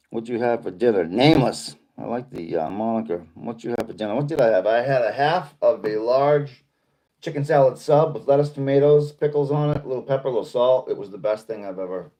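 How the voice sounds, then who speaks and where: A man's voice: mid-range voice, fairly quick, mellow. A middle-aged man from Boston with a Boston accent, hosting a casual livestream and reading viewer comments in a rambling, laid-back way. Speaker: livestream host.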